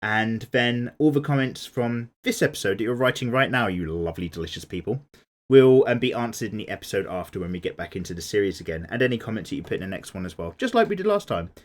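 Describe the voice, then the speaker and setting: A man's voice: on the low side, animated, fast talker. A man, chatting casually while drawing and answering viewer comments in a laid-back, playfully indignant way. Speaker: art YouTuber.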